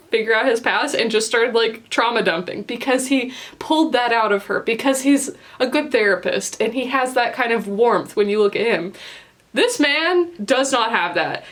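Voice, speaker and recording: A young woman talks through a review in a relaxed, chatty way, leaning on "like" and dropping the odd swear word. Her voice sits at an ordinary middle pitch but leaps up now and then when she wants to stress a point. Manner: chatty, with frequent "like" fillers and blunt swearing; animated, jumps in pitch for emphasis. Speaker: book and movie reviewer. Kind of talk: casual spoken review.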